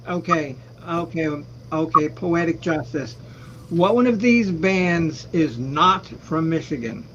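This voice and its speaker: A woman's voice: low voice, highs cut off, noisy background. A woman co-hosting a casual livestream chat, chatty and laughing easily, with hesitant fillers.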